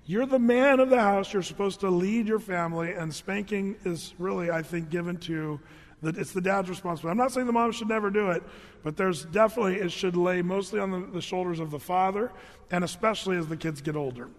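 A man preaching with a notably high, light voice, telling stories in a lively, conversational way with quick joking asides. His voice rings out through a large church sanctuary with a long reverb tail. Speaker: pastor. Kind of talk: storytelling sermon.

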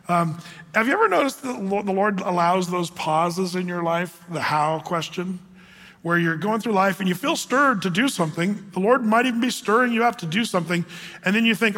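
High-voiced pastor in a reverberant hall. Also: male voice, brisk, fairly bright tone. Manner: conversational, rambling with many fillers and restarts; acts out quoted voices with raised pitch. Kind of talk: sermon.

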